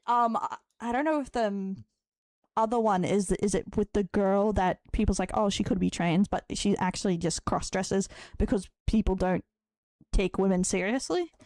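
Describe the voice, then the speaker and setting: A woman's voice: mid-range voice, darkish tone, no room sound. A woman from Australia with an Australian accent, a streamer chatting casually in a rambling way, laughing often and swearing. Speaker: streamer reacting to a clip. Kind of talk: casual chat.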